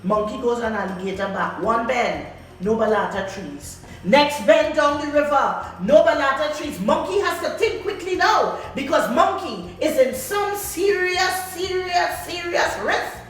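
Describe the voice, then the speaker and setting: Lively woman storyteller, echoey. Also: high-pitched, normal speed. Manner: lively, call-and-response asides. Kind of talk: oral folk storytelling to an audience. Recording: echoey hall, distant mic, faint music.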